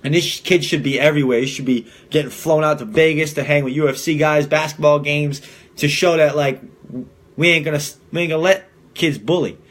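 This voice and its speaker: A man's voice: on the high side, steady tone, fairly quick. A young man hosting a podcast, talking in a blunt, profane, rambling way with many restarts. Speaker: podcast host. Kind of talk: casual monologue.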